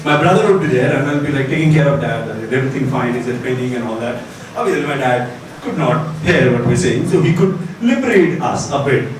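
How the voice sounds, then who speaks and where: A young man doing a stand-up set at a college festival, telling a story with animated delivery and low deadpan asides. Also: fairly quick. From Bengal, India. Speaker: stand-up comedian. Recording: echoey hall with crowd noise, far mic.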